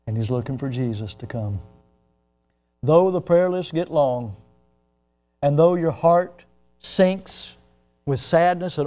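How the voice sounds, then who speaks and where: A man in his sixties from the United States, a pastor preaching an impassioned sermon, moving from hushed to loud. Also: fairly high pitch.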